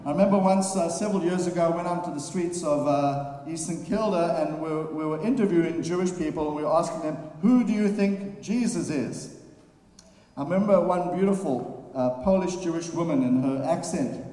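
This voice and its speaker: A man delivers a sermon in a big, echoing hall, his somewhat high voice ringing with a long reverb tail. He reads scripture aloud and talks at an unhurried pace, pausing with fillers. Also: mellow. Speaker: preacher. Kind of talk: sermon summary. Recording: very echoey hall.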